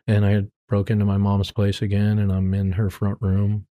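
In a candid, heartfelt interview, a middle-aged guest recounts his life and testimony with simple faith. He speaks at a moderate pace in a mellow, monotone voice that sits on the low side, earnestly rambling, starting over, and quoting his own past words.

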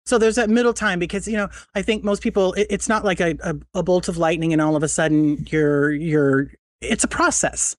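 Podcast host asking halting questions. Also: mid-range voice, steady tone, no echo. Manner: warm-toned intro, then halting questions with restarts. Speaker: interviewer and show host. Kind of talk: faith podcast interview.

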